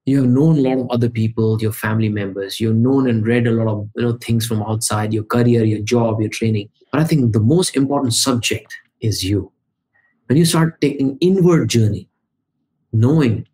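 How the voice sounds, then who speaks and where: A man, a podcast guest and coach, talking in energetic, emphatic bursts that list steps one after another. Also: medium pitch, normal speed. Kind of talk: conversational podcast interview.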